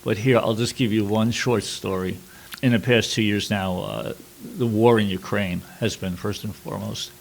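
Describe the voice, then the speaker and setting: Gravelly middle-aged man telling a war story. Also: fairly low pitch, steady tone. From New York City. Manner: halting, with frequent fillers and restarts. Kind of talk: personal storytelling at a workshop.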